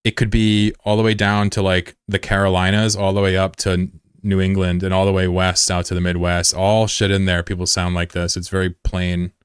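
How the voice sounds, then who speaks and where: A man with a Mid-Atlantic American accent talks in a low, flat, laid-back way, chatting casually with viewers of his stream. The sound is dry and close, with no room echo. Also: normal speed, few pauses, clear, resonant tone. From United States. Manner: self-described monotone, plain and laid-back. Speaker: game streamer. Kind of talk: casual live-stream chat, reading viewer messages.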